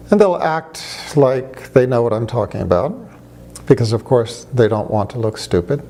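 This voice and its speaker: A man's voice: mid-range voice, animated, moderate pace, mellow. A man arguing his case in conversation, with rhetorical questions and wry storytelling. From United States. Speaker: speaker on religion. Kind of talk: conversational argument to camera.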